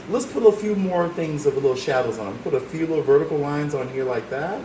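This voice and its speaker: Upbeat art teacher in an echoey room. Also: male voice, fairly high pitch, a little fast, few pauses, mellow, slight background noise. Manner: encouraging, talks while drawing step by step. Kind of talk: drawing demonstration. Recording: roomy echo, faint ambience.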